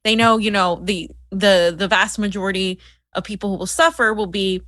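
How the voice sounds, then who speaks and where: A woman co-host speaks in heated, scornful political commentary, often restarting her sentences. Her voice is bright and forceful. The sound is dry and close. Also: medium pitch, fairly even intonation, moderate pace, no echo.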